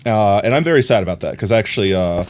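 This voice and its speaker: A man's voice: fairly low pitch, lively intonation, fast talker, darkish tone. A man streaming a game, chatting casually and telling a long rambling story with many fillers. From New York. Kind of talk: casual chat while gaming.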